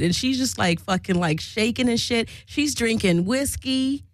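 Profane, animated woman telling a story. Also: fairly high pitch, normal speed, hardly any pauses, no echo, poor audio. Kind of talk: casual storytelling.

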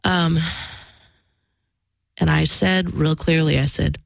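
A woman with a slightly low voice tells a personal story in a candid, emphatic way, swearing freely and acting out quoted dialogue. The recording is dry and close, with no room sound. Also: fairly even intonation, takes it slowly, gravelly, pauses often, dry recording.

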